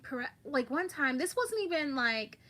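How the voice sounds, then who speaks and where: A woman's voice: high voice, sing-song, measured pace, pushed and bright. A woman hosting a casual livestream, chatting about online drama and reading viewer comments aloud.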